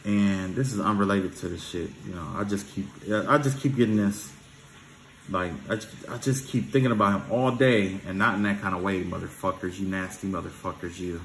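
A man's voice: sits low, steady tone, moderate pace, a little hiss or hum. A man giving spiritual advice in a loose, profane vlog, often tossing in "you know what I'm saying". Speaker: spiritual reader. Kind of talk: casual spiritual vlog talk. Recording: roomy echo.

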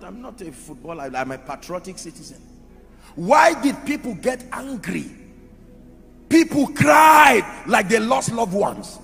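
A man's voice: high-pitched, gravelly. A man preaching a sermon in an emphatic style, asking the crowd rhetorical questions. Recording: echoey hall with music under.

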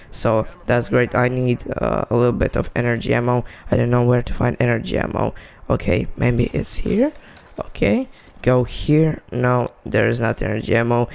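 Excitable gravelly man gaming. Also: medium pitch, unhurried. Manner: excitable, talks to himself and teammates, frequent exclamations. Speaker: gamer. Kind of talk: excited gameplay commentary.

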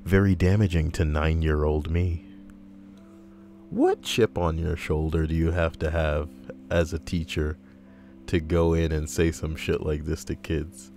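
A young man commentating casually on posts he reads out, animated and profane, jumping high in pitch for emphasis. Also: measured pace, slight background noise. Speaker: commentator reading and reacting to posts.

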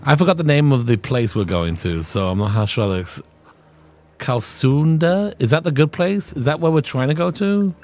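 A man's voice: medium pitch, expressive, moderate pace, darkish tone. A man streaming a game, rambling casually with lots of filler words as he picks his moves. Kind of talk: casual gameplay commentary.

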